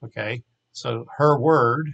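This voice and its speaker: Man teaching, repeating words slowly. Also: mid-range voice, vocal fry, a bit bright, highs cut off. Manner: explains plainly, repeats each word slowly twice. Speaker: Hebrew teacher. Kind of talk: recorded language lesson.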